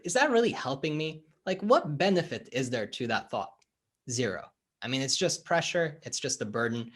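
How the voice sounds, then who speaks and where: A man's voice: mid-range voice, moderate pace, slightly rough. A man who is a life coach, explaining his ideas in conversation as an interview guest and acting out little dialogues as he tells stories. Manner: animated, acts out dialogue in stories.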